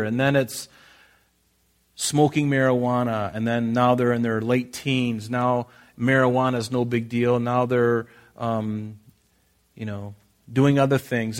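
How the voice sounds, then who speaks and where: A man preaching a sermon in a conversational way, often restarting his sentences and repeating phrases. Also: medium pitch. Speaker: pastor.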